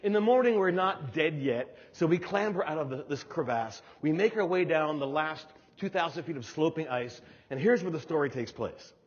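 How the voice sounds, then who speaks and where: A middle-aged man from New Jersey delivers a lively, humorous keynote story, slipping into voices as he acts out scenes. His voice is slightly high and husky. The recording is dull and muffled, with the long reverb of a large hall. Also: normal speed, hardly any pauses. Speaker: keynote speaker.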